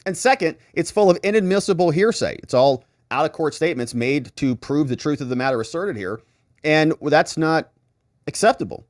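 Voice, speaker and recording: Animated man recapping a trial with sarcasm. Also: on the high side, normal speed, dry recording, studio quality. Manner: animated, acts out quoted lawyers and judge in shifting voices; sarcastic asides. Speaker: legal commentary host. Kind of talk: courtroom recap commentary.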